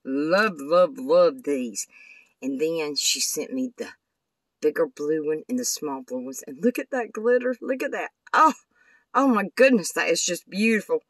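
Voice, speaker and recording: A woman's voice: low-pitched, lively intonation, measured pace, dry recording, recorded from a distance, poor audio. An older woman, chatting casually in a craft vlog and gushing over the things she shows. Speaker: craft vlogger. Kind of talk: casual show-and-tell vlog.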